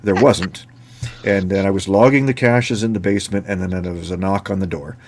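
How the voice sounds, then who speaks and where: Man, lowish voice, casual host, rambling storyteller, faint background hiss. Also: fairly even intonation, fairly quick, a little mellow. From Ontario, Canada. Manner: rambling anecdotes with laughs and acted-out dialogue.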